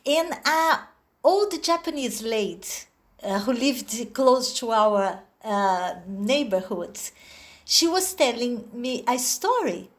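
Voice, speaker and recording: Brazilian lady telling a story on zoom, high voice, slow and hesitant, lots of uhs. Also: animated. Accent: Brazilian Portuguese. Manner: slow, hesitant, with many fillers. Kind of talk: oral storytelling over video call. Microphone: video call.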